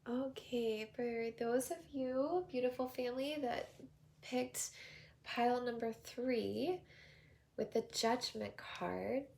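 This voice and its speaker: Slow, gravelly Southern woman reading tarot. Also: fairly high pitch. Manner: slow, soft, prayerful delivery with drifting whispers. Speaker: tarot reader.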